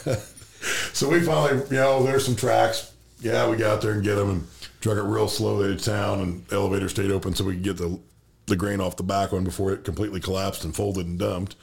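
A man's voice: lowish voice, fairly even intonation, brisk, vocal fry. A man who farms, telling easygoing stories in casual chat, laughing as he goes. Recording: roomy echo.

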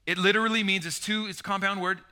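A man preaching a passionate sermon, swinging between loud emphasis and hushed, emotional tones and lingering on key words. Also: high-pitched, steady tone, quick pace.

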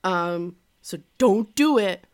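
A woman's voice: mid-range voice, lively intonation, slow pace, clear, resonant tone. A woman co-hosting a casual chat, telling stories animatedly and laughing often. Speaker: podcast co-host.

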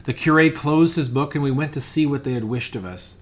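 A man giving a dramatic reading of a classic ghost story, measured and often dropping to a hush. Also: mid-range voice. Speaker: reader.

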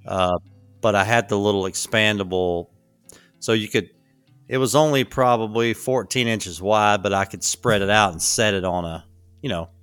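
A man's voice: on the low side, moderate pace, fairly bright tone, clear, resonant tone, no room sound, soft background music. A man who is a podcast guest, explaining things in a loose, rambling way and restarting his sentences often. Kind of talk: casual conversation.

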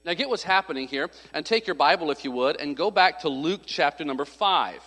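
Animated high-voiced male pastor. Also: a little fast. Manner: animated, acts out quoted voices, conversational and humorous. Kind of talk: sermon with storytelling. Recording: long hall reverb.

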